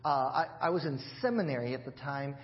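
A man's voice: medium pitch, lively intonation, brisk, lo-fi sound. A man preaching a sermon in a church, in a chatty, joking way with many restarts. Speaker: pastor.

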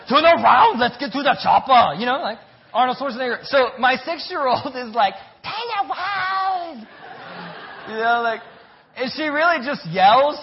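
A man preaching a sermon, earnest and emphatic, often repeating his words and phrases. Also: sits high. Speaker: pastor. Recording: dull, lo-fi recording.

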